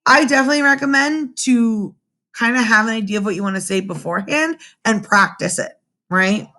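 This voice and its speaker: Bright-voiced woman teacher, animated. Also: on the high side, fairly quick. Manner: animated, addresses students directly with frequent "right?". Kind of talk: remote classroom lesson. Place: at home. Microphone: computer webcam mic.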